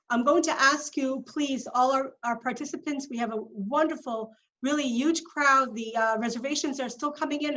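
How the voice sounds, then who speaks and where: High-voiced woman hosting a video call. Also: lo-fi sound. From Montreal, Canada. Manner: warm, eager announcements, spells numbers slowly. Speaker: host.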